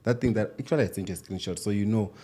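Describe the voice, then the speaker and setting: A man's voice: on the low side, racing, warm tone, breathy edge. A man hosting a podcast in a studio, chatting playfully and mixing English with Tshivenda. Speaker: podcast host. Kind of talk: casual chat.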